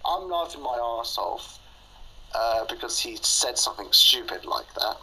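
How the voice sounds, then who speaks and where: Brief: young guy, very bright tense voice, rambly storytime with ums and laughs. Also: medium pitch, lively intonation, a little slow, breathy edge, poor audio. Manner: rambling, filler-heavy, laughs often. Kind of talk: casual storytime chat.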